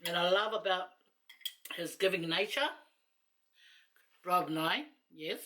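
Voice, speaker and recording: A woman's voice: fairly low pitch, expressive, takes it slowly, sharp tone, slight background noise. A woman chatting casually to camera while eating, rambling and laughing between asides. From New Zealand. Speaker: mukbang vlogger.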